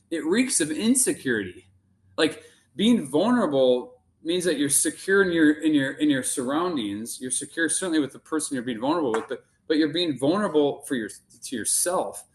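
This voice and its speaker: A middle-aged man as a podcast guest, speaking earnestly and often repeating words while he searches for them. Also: fairly high pitch. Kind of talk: casual interview conversation.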